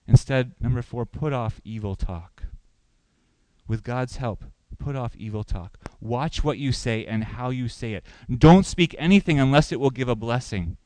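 A man's voice: mid-range voice, a little mellow, no echo, rough recording. Male pastor, sermon delivery, questioning and emphatic, dry close recording. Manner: asks the congregation questions, rising for emphasis.

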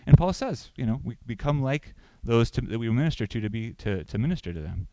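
A man's voice: medium pitch, big pitch swings, brisk, mellow, dry recording, poor audio. Male pastor, sermon delivery, questioning and emphatic, dry close recording. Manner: asks the congregation questions, rising for emphasis.

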